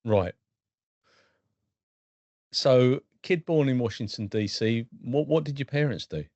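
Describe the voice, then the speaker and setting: A man's voice: mid-range voice, takes it slowly, darkish tone, no room sound. A man hosting an interview podcast, asking questions in a friendly, encouraging way. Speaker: podcast host. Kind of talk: interviewing a guest. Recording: dry, dull lo-fi audio.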